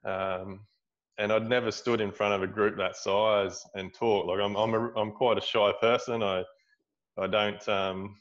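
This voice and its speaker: Low-voiced Australian man telling a story. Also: little pitch movement, a little slow, highs cut off. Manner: rambling, many restarts and "like". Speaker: guest, builder running seminars. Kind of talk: casual storytelling interview.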